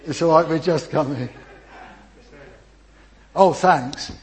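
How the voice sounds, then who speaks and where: An older man, a grandfather, leading a lively children's talk in church and drawing the congregation in. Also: fairly high pitch, slow pace, poor audio. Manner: chatty and encouraging, with frequent restarts. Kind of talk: informal church talk with audience participation.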